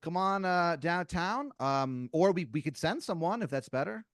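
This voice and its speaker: A man's voice: on the high side, lively intonation, moderate pace, a bit bright, no echo, clean studio sound, pitched above the performer's own voice. A man playing an eager, salesy male corporate caller in improvised comedy, with hesitant fillers. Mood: chipper. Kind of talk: improvised comedy role-play.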